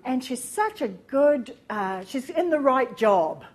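An older woman with a slightly high voice tells a church testimony to a gathering of women. She speaks as a storyteller and acts out both sides of conversations. She turns fervent when she praises God. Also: sing-song, slow. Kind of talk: personal testimony sermon.

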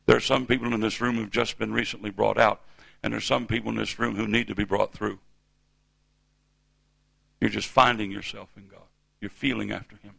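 A man's voice: fairly low pitch, little pitch movement, a little fast, creaky, pauses often, a bit bright, no echo. A man in his fifties from the United States preaching a sermon in a church, with emphatic call-and-response delivery. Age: 50s.

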